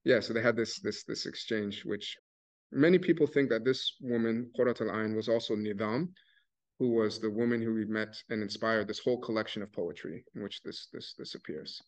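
A man's voice: on the low side, moderate pace. A man giving an academic talk, telling stories casually with many restarts and fillers. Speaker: lecturer. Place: university lecture hall.

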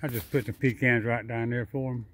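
A man's voice: steady tone, fairly quick, a bit bright. A man, filming a casual vlog in his yard on his phone and coaxing squirrels to come eat. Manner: coaxing, rising higher when calling the animals. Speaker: vlogger. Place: his own yard, outdoors. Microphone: phone camera.

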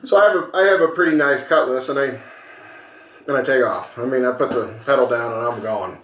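A man's voice: medium pitch, brisk, roomy sound, slight background noise. A man co-hosting a casual podcast, telling a wild road story and acting out the voices as he goes. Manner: animated storyteller, acts out voices, swears freely. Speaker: podcast co-host. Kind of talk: casual storytelling over a beer.

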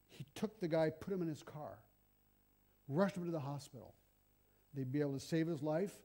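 Animated middle-aged man preaching a sermon. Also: on the high side, moderate pace, long pauses. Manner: storytelling, animated and conversational.

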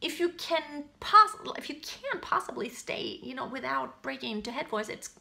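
A woman gives a singing lesson, explaining technique in speech and then breaking into sung demonstrations of a phrase. Her voice is high-pitched, gravelly, bright and forceful, very animated at a moderate pace.

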